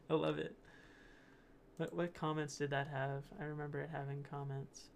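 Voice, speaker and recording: A young man with a gravelly, slightly high voice hosts his channel in a loose, rambling way. He laughs often and trips over his own words as he reads, with a faint hiss beneath him. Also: level tone, normal speed. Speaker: channel host. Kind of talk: casual commentary reading posts.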